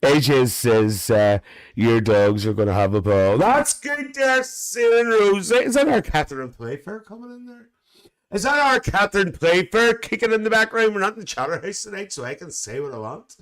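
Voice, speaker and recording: A cheeky older aunty, put on by a man, gossips to her live-stream viewers in camp, rambling chatter. She keeps cackling and breaks into shrill, high exclamations. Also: animated, normal speed, close to an everyday voice. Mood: chatty gossip. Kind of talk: live-stream chat in character.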